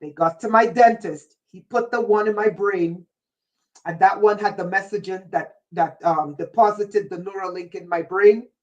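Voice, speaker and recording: A woman's voice: lowish voice, recorded from a distance, lo-fi sound. A woman hosting a livestream, delivering a rambling, intense monologue in a warning tone and answering viewers' chat comments by name. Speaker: livestream host.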